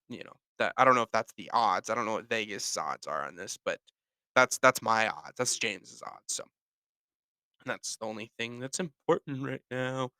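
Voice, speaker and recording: A man rants casually on his own podcast, rambling and correcting himself as he goes, with sighs between thoughts. His voice is bright and clear, with gravelly fry. The sound is dry and close. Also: mid-range voice, dry recording. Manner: rambling, self-correcting, sighing. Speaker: podcast host. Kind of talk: casual solo rant.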